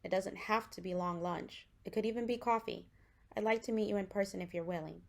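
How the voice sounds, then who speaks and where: A woman voicing a gentle young man, gravelly. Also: medium pitch, brisk, close to an everyday voice. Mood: hopeful. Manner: gentle, reassuring. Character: kind, patient young man asking a woman out.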